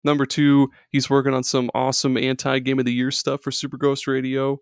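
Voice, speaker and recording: A man's voice: medium pitch, monotone, brisk, clean tone, no room sound, clean studio sound. A man in his thirties hosting a casual video game podcast, jokey and laid-back, laughing often. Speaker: podcast host.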